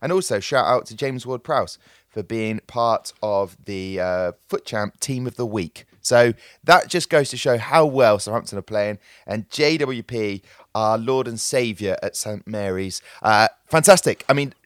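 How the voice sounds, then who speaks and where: A man chats on a podcast, telling stories in an animated, jokey manner. His voice sits in a middle pitch, recorded close and dry. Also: measured pace, no echo. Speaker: podcast co-host. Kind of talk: casual chat.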